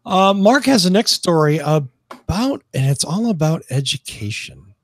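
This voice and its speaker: A man co-hosting a podcast in casual chat, joking and animated, full of fillers and restarts. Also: a little high, measured pace. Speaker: podcast co-host.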